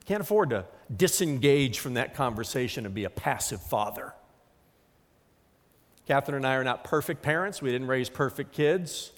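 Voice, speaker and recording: A man's voice: medium pitch, lively intonation, moderate pace, a bit bright, long reverb tail. Emphatic middle-aged male pastor preaching. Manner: emphatic, acts out quotes. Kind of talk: sermon.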